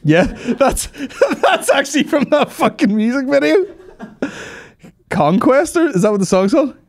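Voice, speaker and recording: A man hosting a comedy podcast, bantering with animated, profane asides. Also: very high voice, a little slow. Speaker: podcast host.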